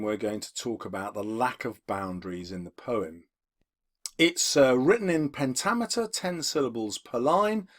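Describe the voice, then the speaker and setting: Man, literature lesson video, measured explanations, animated pitch. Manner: explanatory, measured, with occasional fillers. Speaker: English literature teacher.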